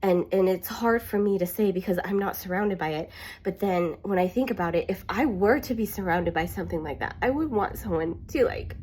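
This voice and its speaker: A woman's voice: mid-range voice, a little fast, a little mellow, slightly rough. A woman in a casual spiritual monologue, earnest and rambling, with many fillers. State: getting emotional. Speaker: spiritual vlogger.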